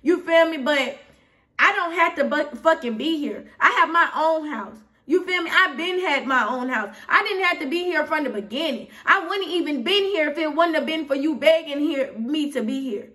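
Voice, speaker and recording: A young Atlanta woman with a high voice runs through a story in a loose, rambling way, checking in with her listeners again and again. She sounds a little distant from the mic. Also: expressive, normal speed, bright, forceful tone. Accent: Southern US, Atlanta. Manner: rambling and candid, frequent "you feel me", growing heated. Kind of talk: casual storytime vlog.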